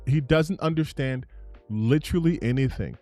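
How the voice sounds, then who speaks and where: A man's voice: mid-range voice, normal speed, a little mellow, no echo, soft background music. A man giving heated, profane reaction commentary on gaming news, ranting and repeating himself for emphasis.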